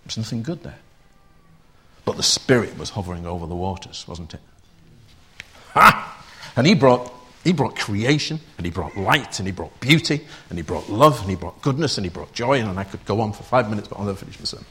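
A man's voice: fairly low pitch, lively intonation, fast talker, husky. A man preaching a sermon, talking conversationally and putting rhetorical questions to his listeners.

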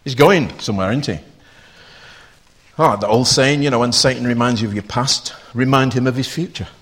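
Preacher: man, husky mid-pitched voice, chatty sermon full of rhetorical questions. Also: normal speed, fairly bright tone. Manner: conversational, asks the congregation rhetorical questions.

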